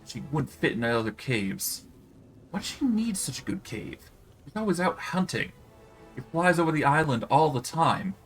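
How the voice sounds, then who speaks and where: A man's voice: a little high, sing-song, moderate pace, soft background music, voice pushed up, rough recording. A man voicing a vain, petulant female demon queen in a video game, whiny and clumsily flirtatious. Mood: smug. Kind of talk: reading game dialogue aloud on stream.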